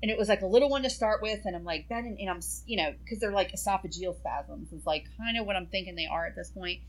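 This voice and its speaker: A woman in casual chat, telling an animated personal story and swearing freely. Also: mid-range voice, quick pace, low-quality recording.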